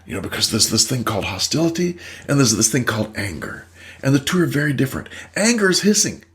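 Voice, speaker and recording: A man, a therapist and host, telling a story and explaining ideas in an emphatic, animated way. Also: mid-range voice, quick pace. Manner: animated, emphatic, acts out voices. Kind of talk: storytelling and teaching talk.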